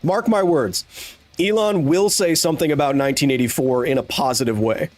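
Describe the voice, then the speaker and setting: A man's voice: fairly high pitch, a little fast, no echo, faint music behind. A man hosting a live stream, ranting casually in a sarcastic, exasperated way. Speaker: streamer host.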